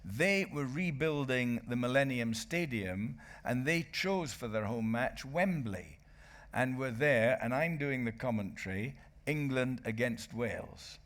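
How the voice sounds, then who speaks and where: An older man, a rugby commentator and author, telling anecdotes to a live audience as a festival guest, lively and chuckling. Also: mid-range voice, a little slow. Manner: lively raconteur, chuckling, bursts into re-enacted commentary. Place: book festival stage.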